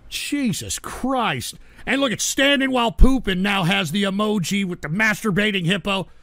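High gravelly ranting male host. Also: moderate pace, dry recording. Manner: irritable, profane, yelling at trolls. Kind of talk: livestream rant reading viewer donations.

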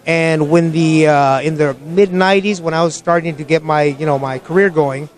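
A man being interviewed as a guest, a film director telling lively stories about his career. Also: on the high side. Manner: animated storyteller, quick to laugh. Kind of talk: casual interview.

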